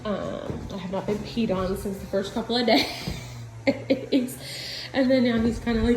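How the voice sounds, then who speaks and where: A woman dog trainer talking casually through a training session, switching between chatty explanations and sharp, high commands to her dog. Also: unhurried. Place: outdoor yard.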